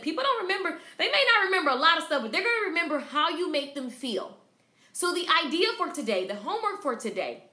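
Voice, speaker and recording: A Southern American woman who runs a salon, teaching a live-streamed marketing class in an energetic, emphatic way, repeating her points. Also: high-pitched. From Southern United States. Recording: echoey room.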